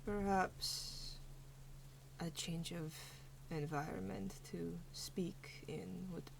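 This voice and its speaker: A woman voicing a calm, polite Furbolg elder who speaks softly and quietly in a tabletop game. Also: lowish voice, drawn-out words, vocal fry, noisy background, full character voice. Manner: soft, quiet, gentle.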